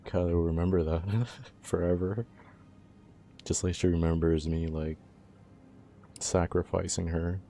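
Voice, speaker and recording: A man's voice: low-pitched, little pitch movement, unhurried, pauses often, dark tone, a little hiss or hum. A young man livestreaming, joking and teasing his viewers in laid-back, casual chat, often laughing.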